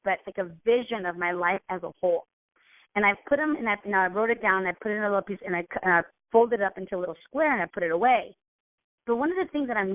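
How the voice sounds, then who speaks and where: A woman talking through goals in a loose, earnest way, often circling back and restarting her sentences. Her voice sits at a middling pitch. It comes through a thin, narrow-band phone line. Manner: earnest, rambling with many restarts. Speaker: motivational coach. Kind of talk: casual motivational talk.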